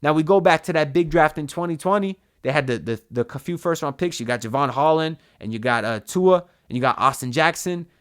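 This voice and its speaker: A man's voice: fairly high pitch, animated, a little fast, few pauses, fairly bright tone, clear, resonant tone. A young man venting in a ranting, frustrated way about his football team, often repeating words as he talks. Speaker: sports fan vlogger. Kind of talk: ranting sports vent.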